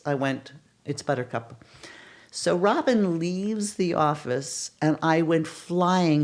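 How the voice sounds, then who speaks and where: An older woman, a casting director, telling stories in a podcast interview and acting out the exclamations she quotes. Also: low voice. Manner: animated, acts out quoted exclamations.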